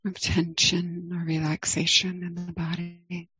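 A middle-aged woman leading a guided meditation, speaking calmly and gently with long pauses. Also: on the low side, slightly rough, no echo, rough recording. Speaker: meditation teacher.

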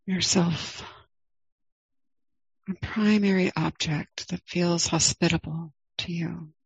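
A middle-aged woman leading a guided meditation, speaking calmly and gently with long pauses. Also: lowish voice, gravelly, slightly rough, no echo, highs cut off. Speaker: meditation teacher.

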